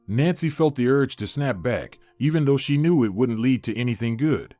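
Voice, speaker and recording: A man reads a family story aloud in a steady, scripted way, his voice sitting at a middle pitch. The sound is dry and close to the mic, with faint music behind him. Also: moderate pace, hardly any pauses, no room sound. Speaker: narrator. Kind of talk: scripted narration.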